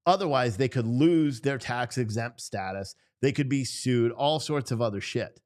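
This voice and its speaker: A man hosting a casual political commentary stream, talking in a rambling, profane way that keeps interrupting itself. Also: mid-range voice. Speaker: host.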